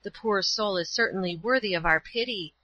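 A woman voicing a gentle, pious old woman who speaks calmly and tenderly in a storybook reading. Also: mid-range voice, fairly quick, lo-fi sound.

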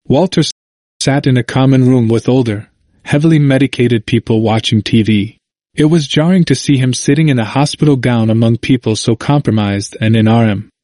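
A man narrates a first-person memoir in a measured, reflective reading. His voice sits at a middling pitch. The recording is dry and close on a studio mic. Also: a little mellow, dry recording. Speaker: audiobook narrator.

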